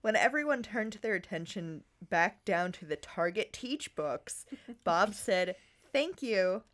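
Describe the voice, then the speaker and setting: Woman, podcast host, reading aloud, giggly, playful, unhurried. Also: medium pitch, lively intonation, a bit bright. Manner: giggly, reads dialogue with playful emphasis. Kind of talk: casual chat and reading aloud.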